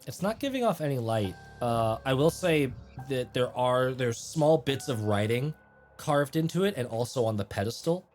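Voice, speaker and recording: A man runs a tabletop game in a relaxed, chatty way, his pitch sitting in the middle of the range. He describes the scene for his players and now and then stumbles over made-up names. Soft music plays faintly behind him. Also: moderate pace. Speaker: game master.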